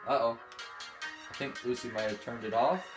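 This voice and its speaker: A man's voice: mid-range voice, steady tone, normal speed. A man hosting a casual product review demo, chatty and playful with mock-formal jokes. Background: music from the speaker.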